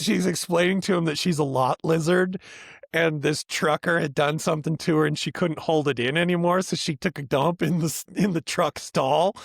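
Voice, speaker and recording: Gravelly-voiced man co-hosting a podcast. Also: on the high side, no echo, studio quality. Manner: laughs often, rambling retellings. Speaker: podcast co-host. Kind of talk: casual chat.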